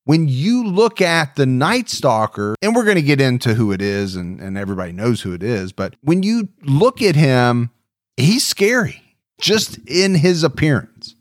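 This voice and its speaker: A man's voice: medium pitch, animated, moderate pace, dry recording, studio quality. A man co-hosting a true crime podcast, chatting animatedly and speeding through some phrases. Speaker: podcast co-host.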